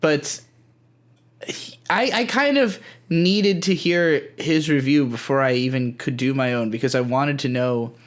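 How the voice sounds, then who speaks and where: Co-host, mid pitch, measured and reflective. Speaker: podcast co-host. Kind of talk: casual chat.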